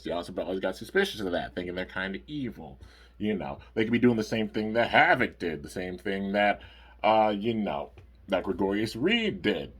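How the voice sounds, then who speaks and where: A man's voice: deep voice, husky. A man casually recapping cartoon episodes in a rambling review. He uses lots of fillers and stops to correct himself.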